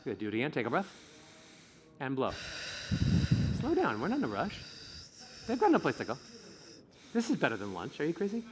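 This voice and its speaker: A man working as a voice coach, giving a playful, animated live demonstration on stage. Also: medium pitch, brisk, pauses often, slight background noise.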